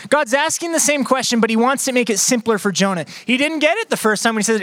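A man preaching a sermon in a conversational, playful way, moving between quick asides and slow, emphatic phrases. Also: very high voice, animated, a bit bright, no room sound. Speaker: pastor.

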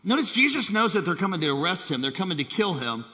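A man preaching a sermon as pastor, animated and emotional, calling out to his congregation. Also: high voice, quick pace. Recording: long hall reverb.

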